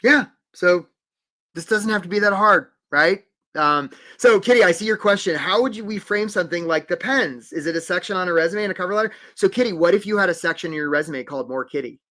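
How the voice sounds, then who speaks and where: A man's voice: sits high, quick pace, bright, forceful tone. A man coaching job seekers in a live webinar, upbeat and encouraging, calling out viewers by name.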